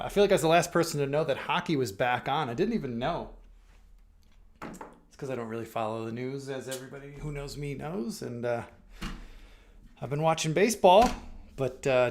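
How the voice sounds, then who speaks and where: A man filling in as host of a live software Q&A stream, chatting casually, joking around and pausing often to hesitate. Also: mid-range voice. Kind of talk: casual livestream chat and market commentary.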